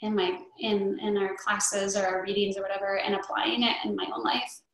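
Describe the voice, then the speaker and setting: A woman's voice: medium pitch, flat delivery, normal speed, fairly bright tone. A middle-aged woman chatting as an interview guest, rambling with many fillers and restarts. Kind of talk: casual chat. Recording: very echoey room.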